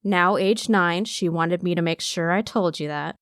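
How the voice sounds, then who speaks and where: A woman's voice: lowish voice, normal speed, clear, resonant tone, no echo, studio quality. A woman hosting a podcast, reading a script in an earnest, enthusiastic way. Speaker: podcast host.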